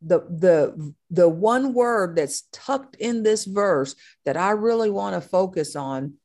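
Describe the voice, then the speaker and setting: A woman's voice: mid-range voice, lively intonation, slow, a little mellow. A woman preaching a sermon, impassioned, driving her points home with emphatic repetition.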